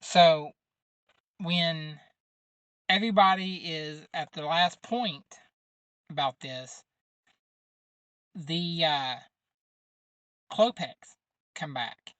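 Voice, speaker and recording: A man's voice: a little high, drawn-out words, pauses often, sharp tone, smooth, no room sound. A man hosting a podcast, casually recapping a movie's plot in a rambling way, with lots of fillers and informal grammar. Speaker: podcast host.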